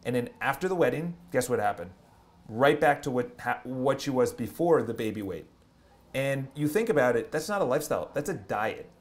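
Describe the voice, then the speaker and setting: A man, a real estate agent and vlogger, giving an energetic motivational talk on a livestream, stressing points with a repeated "okay?". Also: medium pitch, a little fast.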